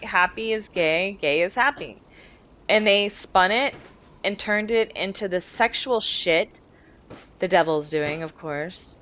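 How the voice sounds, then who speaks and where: A woman's voice: mid-range voice, a bit bright, low-quality recording. A woman streamer chatting casually while playing a game, rambling in a heated, profane way. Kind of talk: casual chat while gaming.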